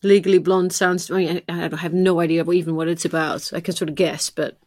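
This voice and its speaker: A woman with a Dutch accent co-hosting a podcast in casual conversation, pausing to search for words. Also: lowish voice, level tone, darkish tone, no echo, clean studio sound. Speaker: podcast co-host.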